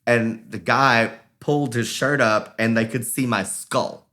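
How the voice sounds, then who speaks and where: A bright, forceful male voice, telling a story in a relaxed chat. He jumps around in pitch as he acts out the other people in the story and chuckles between lines. His voice sits at an ordinary middle pitch. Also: unhurried. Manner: animated, acts out quoted voices, laughs while telling. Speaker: podcast co-host. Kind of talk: casual storytelling.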